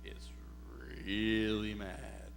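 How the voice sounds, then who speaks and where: A male pastor preaching a sermon, telling the story slowly and deliberately and putting rhetorical questions to the congregation. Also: fairly low pitch, flat delivery, creaky, soft background music. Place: church sanctuary. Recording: hall reverb with faint mains hum.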